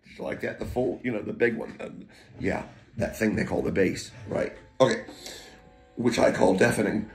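A man's voice: fairly low pitch, moderate pace, vocal fry, darkish tone. A middle-aged man rambling in a casual monologue, profane and emotional, with muttered asides and wry laughs. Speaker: poet and vlogger.

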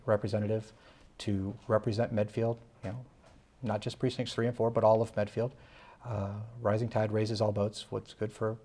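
A man's voice: on the low side, mellow. A political candidate in an interview, a man talking in a rambling way, full of "you know" fillers, with a Massachusetts accent.

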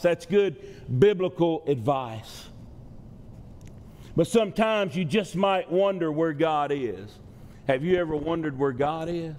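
A man's voice: a little high, darkish tone. A male pastor preaching a sermon in a church, in a conversational style that repeats phrases for emphasis. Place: church sanctuary. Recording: long reverb from a church hall.

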